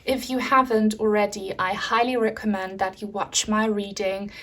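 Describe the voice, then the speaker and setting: A woman with a German accent, speaking in a calm, soothing way as she hosts a pick-a-card tarot reading, with frequent ums. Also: mid-range voice, moderate pace. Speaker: tarot reader.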